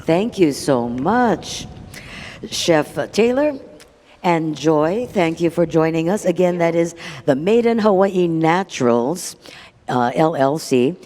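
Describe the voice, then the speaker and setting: A woman's voice: low voice, mellow. A woman hosting a live cooking demo at a festival, upbeat and full of praise. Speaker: festival stage host. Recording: hall reverb, faint noise.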